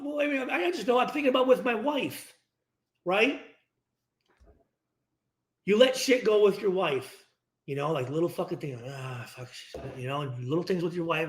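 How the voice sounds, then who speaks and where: A middle-aged man hosting a post-game reaction, ranting casually and profanely and acting out the dialogue himself. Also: sits high. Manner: profane, animated, acts out dialogue. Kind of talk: casual unscripted rant. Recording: roomy echo.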